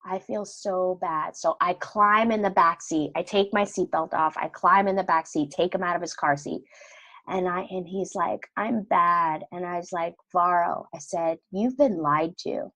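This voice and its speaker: Middle-aged woman guest, low voice, animated storyteller, dry close studio sound. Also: moderate pace, no room sound, poor audio. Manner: animated, acts out quoted dialogue. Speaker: podcast guest. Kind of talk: conversational storytelling.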